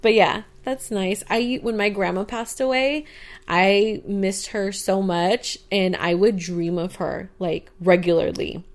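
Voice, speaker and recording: A woman's voice: medium pitch, fairly even intonation, slow. Chatty podcast lady rambling through a story, says like a lot. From Arizona. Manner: chatty storyteller, fillers "like" throughout, acts out quotes loudly. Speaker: podcast co-host. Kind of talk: casual chat.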